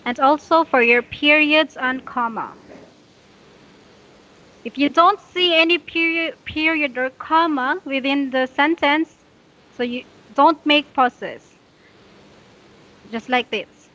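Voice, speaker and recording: A woman's voice: sits high, measured pace, sharp tone, dull audio. A woman tutoring English, patiently correcting a student's reading with many "okay"s.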